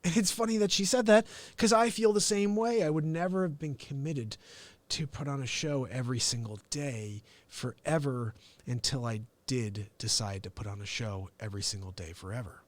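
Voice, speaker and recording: A middle-aged man hosting his own daily live show, talking straight to viewers in a chatty, animated way. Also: medium pitch, moderate pace. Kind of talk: casual live-stream monologue.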